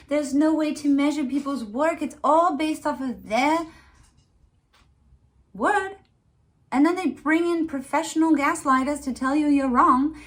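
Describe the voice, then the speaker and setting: A woman with a high voice rants casually to camera on her vlog. She talks with emphasis, scatters fillers through her sentences and acts out other people's words as she goes. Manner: animated, emphatic, many fillers. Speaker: former retail employee vlogging.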